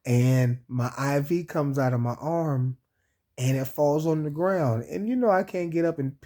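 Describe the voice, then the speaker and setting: Still recovering from surgery, this male vlog host chats through a personal story and keeps laughing, though it hurts him to do so. He speaks at a measured pace in a mellow, slightly high voice, addressing his audience as "y'all."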